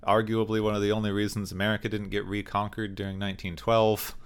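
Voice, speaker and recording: A man co-hosting a casual talk show, explaining points in a measured way. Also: on the low side, monotone, clear, resonant tone. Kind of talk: casual chat.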